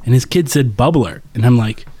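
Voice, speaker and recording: A man's voice: medium pitch, a little fast, a crowd in the background. A man co-hosting a casual podcast who tells stories and jokes in an easygoing way. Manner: easygoing storytelling, joking. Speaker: podcast co-host.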